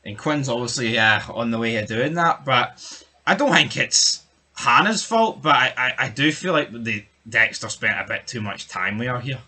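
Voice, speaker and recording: A man's voice: mid-range voice, expressive, normal speed, sharp tone, breathy edge. A man co-hosting a TV review podcast, bantering casually with crude jokes and what-if musings. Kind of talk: casual chat.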